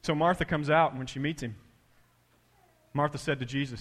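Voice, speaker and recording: Man, sermon, animated preaching, rising and falling in pitch, dropping to a hush for quotes. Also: brisk, pauses often, big-room sound. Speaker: pastor.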